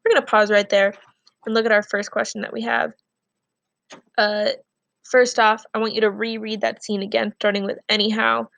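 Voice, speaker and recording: A woman teacher giving a recorded reading lesson. She reads a novel aloud and gives patient, clear instructions between passages. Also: medium pitch, little pitch movement, normal speed, a bit bright, no echo.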